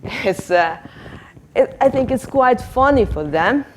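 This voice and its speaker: A woman's voice: on the high side, expressive, takes it slowly. A woman leads a teacher workshop on a handheld microphone, working through her points unhurriedly. She talks with many small hesitations and laughs at her own efforts. Faint noise sits under her voice. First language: Italian. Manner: hesitant, chatty, laughs at herself. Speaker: teacher trainer. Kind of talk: workshop lesson demonstration.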